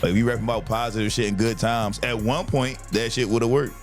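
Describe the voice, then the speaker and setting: A man hosting a podcast, chatting casually and telling stories in a profane, animated way. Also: mid-range voice, a little fast, faint music behind. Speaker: podcast host, comedian. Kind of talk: casual chat.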